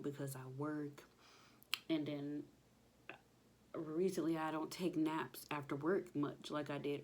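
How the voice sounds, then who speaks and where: A low, slightly mellow female voice belongs to a pregnant young vlogger chatting informally in her kitchen at home. Short of breath, she sighs between phrases as she talks to viewers.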